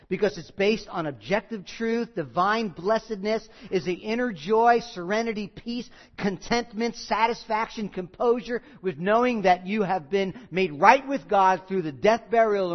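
A man's voice: high-pitched, in a large hall, lo-fi sound. A man preaching a sermon, earnest, with small jokes and asides to the congregation. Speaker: pastor.

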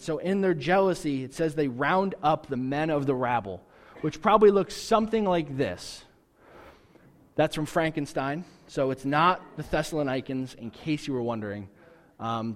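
A man preaching a sermon in a lively, joking way, often restarting his words. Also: a little high, long reverb tail. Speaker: pastor.

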